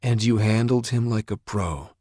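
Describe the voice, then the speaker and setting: A man's voice: on the low side, normal speed, warm tone, no echo, studio quality, pitched above the performer's own voice, lightly acted. A man voicing an anxious, protective father who pleads and defends himself. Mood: defensive.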